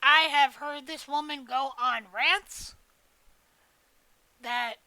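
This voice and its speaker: A woman's voice: high voice, steady tone, slow pace, sharp tone, no room sound, low-quality recording. A woman streaming a video game, chatting casually in a rambling, joking way with plenty of swearing. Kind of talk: casual live-stream chat while gaming.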